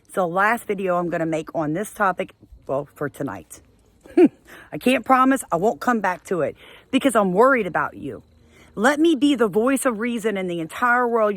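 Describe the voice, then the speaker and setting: A middle-aged woman who vlogs about homesteading speaks in a slightly bright voice with no echo. Delivering an impassioned monologue to the camera, she scolds her viewers in an exasperated, emphatic way, with sudden high bursts.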